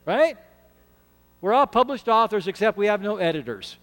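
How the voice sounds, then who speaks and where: A man's voice: high voice, big pitch swings, moderate pace, long pauses, a bit bright, long reverb tail. A man preaching a sermon as pastor, earnest and conversational, often restarting his words. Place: church sanctuary.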